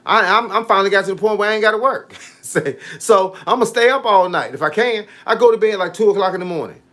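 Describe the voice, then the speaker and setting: A man in his late fifties, a boxing coach hosting a casual livestream, reading comments and giving animated, preachy advice in street slang. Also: high voice, fast talker. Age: 50s.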